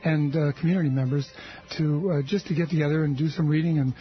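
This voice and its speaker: A man's voice: fairly high pitch, fairly even intonation, quick pace, muffled recording. A man, a music professor and conductor, speaking in a radio interview, earnest and hesitant, with many fillers.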